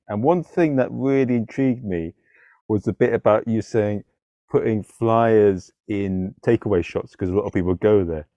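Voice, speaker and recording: A man's voice: lowish voice, warm tone, no echo, muffled recording. A man hosting an interview with a fellow comedian, loose and joking, laughing often. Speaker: podcast host, comedian. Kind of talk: casual interview chat.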